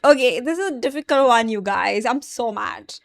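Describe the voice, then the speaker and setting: A woman's voice: a little high, lively intonation, moderate pace, vocal fry, no room sound. A young woman hosting an anime reaction, talking casually and with exasperation to her viewers and swearing now and then.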